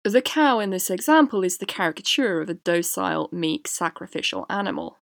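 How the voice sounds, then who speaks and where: A woman hosting a podcast, reading a prepared essay in a measured way. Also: lowish voice, animated, gravelly, no room sound, studio quality. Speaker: podcast host. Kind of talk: scripted essay narration.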